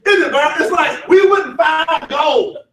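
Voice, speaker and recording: A man leading a motivational sales training, shouting, laughing and getting the crowd to answer back. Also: very high voice, a little slow. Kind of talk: motivational seminar talk. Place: large event hall. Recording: echoey hall, voice from far off.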